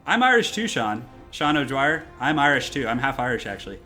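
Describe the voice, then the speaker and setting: A young man hosting a live game stream from his home computer setup, chatting casually and answering his viewers' comments. His voice is bright and forward, and his manner is upbeat. Faint music plays behind him. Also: mid-range voice, big pitch swings, a little fast.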